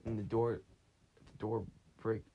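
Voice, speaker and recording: A man's voice: fairly low pitch, level tone, unhurried, narrow, tinny audio, a little hiss or hum. A man hosting a casual podcast, retelling a story in a rambling way with many restarts, recorded on a phone. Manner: meandering, full of restarts and acted quotes. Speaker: podcast host.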